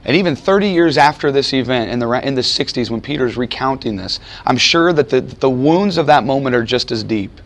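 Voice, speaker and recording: A man's voice: mid-range voice, animated, fairly quick, few pauses. Conversational man preaching a sermon. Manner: conversational, emphatic, voices quoted figures. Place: chapel or lecture room with audience.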